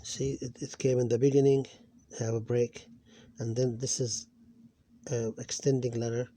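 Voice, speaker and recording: A man's voice: mid-range voice, level tone, normal speed, mellow. A man teaching an Arabic phonics lesson, sounding out syllables one at a time with patient explanations. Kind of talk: slow reading lesson.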